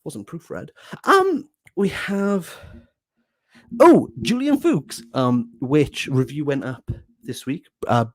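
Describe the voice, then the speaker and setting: A man's voice: a little high, big pitch swings, takes it slowly, no room sound. A young man chatting casually through a bookshelf tour, rambling and joking at his own expense. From Wales. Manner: joking, rambling, self-mocking with laughs. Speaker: book vlogger. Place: small box room at home.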